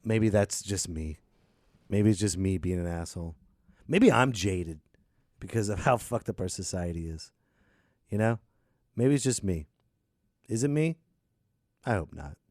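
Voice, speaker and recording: A man hosting a podcast, ranting sarcastically and swinging between loud and muttered. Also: sits low, lively intonation, measured pace, pauses often, dry recording, studio quality. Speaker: podcast host. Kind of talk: casual ranting chat.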